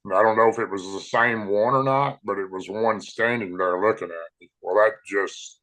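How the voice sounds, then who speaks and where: Low-voiced man telling a story. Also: a bit bright, poor audio. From Tennessee, USA. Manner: plain, unhurried, folksy retelling with fillers. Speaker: eyewitness storyteller. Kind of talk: personal account told aloud.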